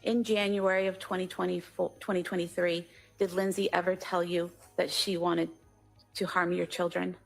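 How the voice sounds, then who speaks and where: A woman attorney questioning a witness in court, asking measured, formal questions with hesitant ums. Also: lowish voice, little pitch movement, creaky, soft background music.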